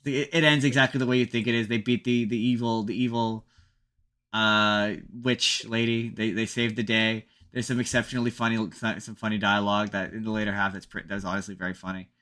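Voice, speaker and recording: A man's voice: on the low side, level tone, a little fast, pushed and bright. A man co-hosting a podcast, retelling a movie in casual chat, rambling and restarting often. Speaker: podcast co-host.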